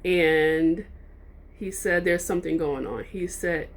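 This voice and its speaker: A woman's voice: lowish voice, measured pace. A woman vlogger telling a personal story in a casual, rambling way, with frequent ums and restarts.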